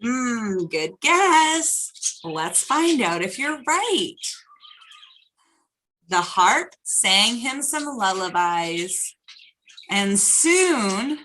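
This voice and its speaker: Animated woman reading a storybook. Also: fairly high pitch, rough recording. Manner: animated, asks the children questions. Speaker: children's storytime host. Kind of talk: reading a picture book aloud to children.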